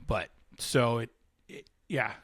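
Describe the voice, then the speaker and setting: A man co-hosting a casual review podcast, talking in an animated way and acting out lines from the show. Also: mid-range voice, slow pace, breathy edge, dry recording, studio quality. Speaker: podcast co-host. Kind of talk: casual chat.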